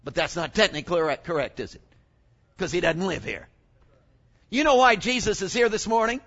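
A man preaching a sermon in an animated way, often exclaiming and asking the congregation questions. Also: sits high, brisk, dull audio.

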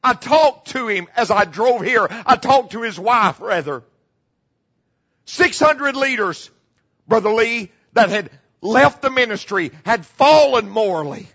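Gravelly high-voiced preacher, lo-fi recording. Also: male voice, animated, unhurried. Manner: dramatic preaching, repeats key phrases, drops to hushed tones. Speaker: pastor. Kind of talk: sermon. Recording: muffled, slightly lo-fi.

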